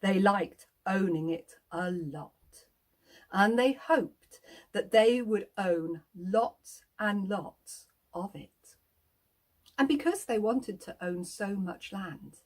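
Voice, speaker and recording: A woman's voice: mid-range voice, animated, slow pace. A woman telling a children's story in a playful way, inviting listeners to act along.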